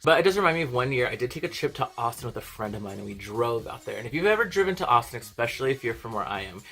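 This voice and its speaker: Man, young adult, vlogger, casual storytelling, profane, laughing, rapid talk. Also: mid-range voice, lively intonation, bright, forceful tone. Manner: profane, chatty, laughs often. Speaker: beauty vlogger.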